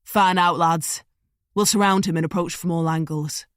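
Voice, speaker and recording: A woman voicing a gruff male guard leader with a gravelly voice, cold and commanding. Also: lowish voice, steady tone, moderate pace, dry recording, studio quality, natural voice.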